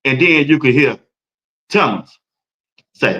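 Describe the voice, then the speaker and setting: A man's voice: medium pitch, sing-song, moderate pace, long pauses, a bit bright, lo-fi sound. A man hosting a sports talk show, talking in a casual, hyped-up way and laughing between points.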